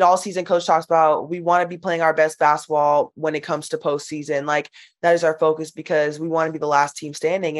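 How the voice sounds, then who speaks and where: A young woman, a college basketball player, chatting casually as an interview guest with lots of "like". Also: low voice. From United States. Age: young adult. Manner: chatty, lots of "like", animated retelling.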